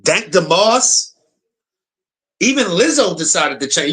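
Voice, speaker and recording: A man's voice: high-pitched, big pitch swings, measured pace, pauses often, fairly bright tone, husky, low-quality recording. A man hosting his channel, giving blunt, opinionated reaction commentary. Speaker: channel host.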